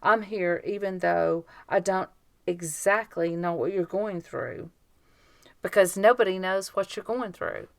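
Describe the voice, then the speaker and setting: A woman co-hosting a podcast speaks slowly and deliberately, leaning hard on key words. Her voice is low and gravelly with a clear fry, and it is recorded close and dry. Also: no room sound. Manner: earnest, emphatic, slow and deliberate. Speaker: podcast co-host. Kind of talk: casual chat.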